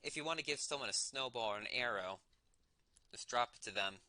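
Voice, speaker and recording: A man's voice: mid-range voice, brisk, bright, forceful tone, dry recording. A young man streaming a game, talking to himself in a casual, rambling way and correcting himself as he goes, with a slight lisp on his S sounds. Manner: musing aloud, self-correcting while playing. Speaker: livestreamer. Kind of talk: casual gameplay commentary.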